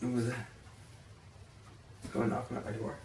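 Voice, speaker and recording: A man's voice: medium pitch, flat delivery, normal speed, background noise. Casual vlogger, young man, tired and blunt, swears, rambles, set back from the mic in a roomy space. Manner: blunt, swears freely, rambling with many fillers. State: tired and yawning. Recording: echoey room, distant from the mic.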